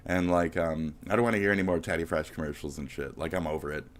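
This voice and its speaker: A man's voice: very deep voice, steady tone, fast. A man streaming live commentary as a heated, profane, mocking rant. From United States.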